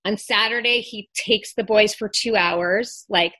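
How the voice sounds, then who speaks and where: A woman's voice: mid-range voice, a little slow, sharp tone. A woman in her thirties co-hosting a podcast, chatting candidly and rambling, full of "like" and the odd swear. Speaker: podcast co-host. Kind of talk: casual chat.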